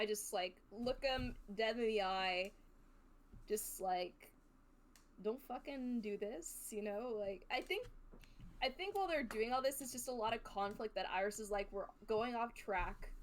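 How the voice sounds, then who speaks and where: A chatty woman at a tabletop game, describing her character's actions with lots of fillers. Her voice is a bit higher, with a faint hiss behind it. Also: normal speed. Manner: chatty, filler-heavy, animated. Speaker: player. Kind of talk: casual tabletop role-play.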